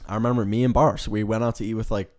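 A young man from Chicago with a Chicago accent, chatting casually in a halting, laid-back way. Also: fairly low pitch, level tone, darkish tone, no echo, studio quality. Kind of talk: casual chat.

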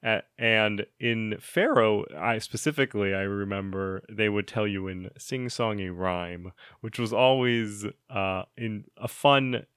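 A man's voice: lowish voice, a little slow, hardly any pauses, fairly bright tone, clear, resonant tone, no echo, clean studio sound. A man chatting casually about old video games, talking in a loose way with lots of restarts. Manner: chatty, many restarts and fillers.

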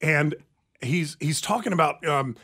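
A man co-hosts a radio talk show with a slightly high voice. He tells stories in an easy, chatty manner and gets animated as he recounts them. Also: a little slow, husky. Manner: chatty storyteller, animated retelling. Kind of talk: casual chat.

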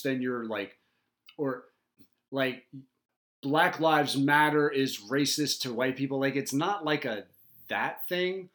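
Podcast co-host, male dad, bright forceful voice, rambling and profane. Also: medium pitch. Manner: rambling, filler-heavy, swears freely. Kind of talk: casual podcast chat.

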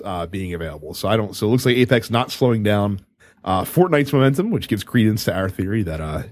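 A man's voice: mid-range voice, no echo. A man hosting a casual gaming podcast, running through news items conversationally with fillers. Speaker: podcast host.

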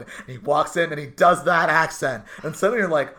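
A podcast co-host in casual chat, animated and breaking into high laughs. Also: quick pace, hardly any pauses.

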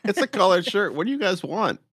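A man's voice: sits high, sing-song, a little fast, fairly bright tone, slightly rough, dry recording, studio quality. A man joining a casual podcast as co-host, laid-back and self-mocking. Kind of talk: casual chat.

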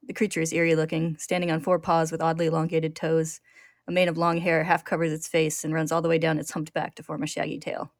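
A woman podcast host retelling an episode in steady, clear storytelling narration. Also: deep voice, quick pace, no echo, studio quality.

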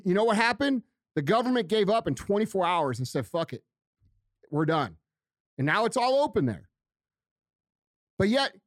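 Man, heated profane rant, high-pitched voice, dry close sound. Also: no echo. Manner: profane, heated, repeating himself for emphasis. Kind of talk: angry ranting monologue.

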